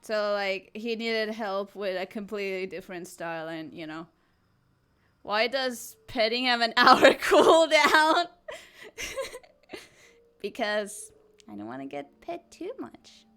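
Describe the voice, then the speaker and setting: A woman's voice: medium pitch, expressive, slow pace, pauses often, fairly bright tone, clean tone, soft background music. A woman chatting casually on a live art stream, giggling often as she playfully answers chat while she draws.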